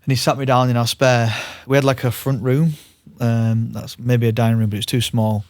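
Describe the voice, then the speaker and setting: Chatty host, dry sound. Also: male voice, mid-range voice, normal speed, no room sound. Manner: lively storyteller, chatty with frequent laughs. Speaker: podcast host. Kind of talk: casual podcast conversation.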